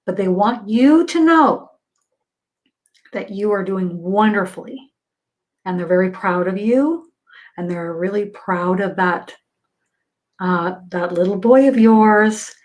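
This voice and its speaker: This psychic medium has a slightly mellow mid-range voice, speaking slowly with frequent pauses on a casual livestream. She chats freely, laughs often, and leans heavily on fillers like um and like.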